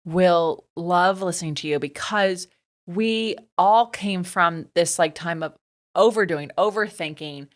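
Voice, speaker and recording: A woman's voice: lowish voice, a little slow. A woman hosting a podcast, chatting casually in a bubbly, talkative way and laughing often. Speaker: podcast host. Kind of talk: casual interview chat.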